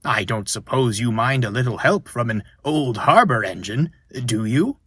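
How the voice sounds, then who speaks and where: A man's voice: medium pitch, lively intonation, normal speed, slightly rough, no room sound, clean studio sound. A man voicing Toby, a cheerful old male tank engine who talks reassuringly, in a storybook reading. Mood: kindly. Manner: warm, reassuring.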